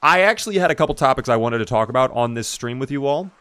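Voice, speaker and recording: A man's voice: mid-range voice, expressive, quick pace, a bit bright, clean tone, dry recording. A man streaming a game live, chatting casually and answering his chat as he plays.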